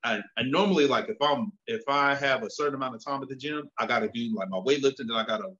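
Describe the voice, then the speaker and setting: Animated man telling stories, dull sound. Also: mid-range voice, fast. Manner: animated storyteller acting out both sides of conversations. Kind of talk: casual chat.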